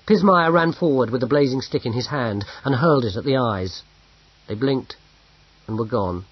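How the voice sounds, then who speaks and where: A man narrating an audiobook in a measured storytelling manner. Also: medium pitch, slightly rough, no echo. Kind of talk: scripted narration. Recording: dull lo-fi audio.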